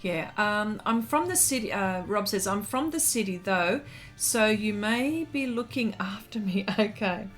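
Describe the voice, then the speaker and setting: A woman's voice: medium pitch, animated, a little slow, soft background music. An Australian woman hosting a casual art livestream, chatting and reading viewer comments aloud with lots of fillers and laughter.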